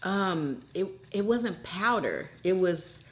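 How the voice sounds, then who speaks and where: An American woman hosts an eating show, chatting casually and speaking straight to her viewers as "y'all." Her fairly low voice moves slowly, while her manner is animated and effusive.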